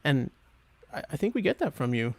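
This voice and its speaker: A man's voice: fairly high pitch, sing-song, moderate pace, vocal fry, no room sound. Dry-sounding upbeat podcast host man. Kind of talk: casual podcast chat.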